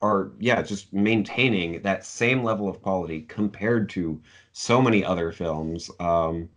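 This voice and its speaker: A man in a casual film review conversation, feeling his way through each point. He stumbles and repeats words often, his voice sitting fairly low. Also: measured pace. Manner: hesitant, stumbling, laughs between words. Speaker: film review podcast co-host.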